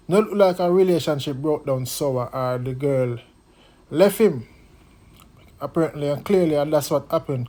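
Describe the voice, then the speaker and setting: A man's voice: on the high side, dark tone. A man with a Jamaican accent hosting a commentary vlog, making pleading, preacher-like appeals. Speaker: vlog host.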